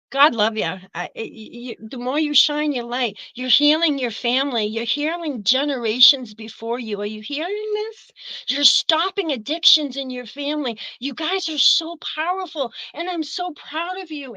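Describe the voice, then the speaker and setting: A woman's voice: high-pitched, pushed and bright, no room sound, lo-fi sound. A middle-aged woman teaching an online spiritual class, chatty and effusive, rambling with fillers and turning emotional. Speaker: Reiki teacher.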